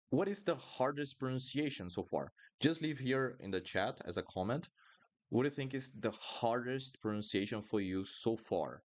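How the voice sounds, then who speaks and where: A man teaching pronunciation in a live online lesson, patiently repeating words and sounds. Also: fairly low pitch. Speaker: Portuguese teacher. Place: home studio, livestream.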